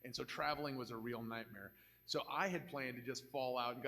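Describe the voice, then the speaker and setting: A man's voice: mid-range voice, fairly even intonation, brisk, gravelly, bright, forceful tone, in a large hall. An older man on a live convention panel, telling candid, joking anecdotes.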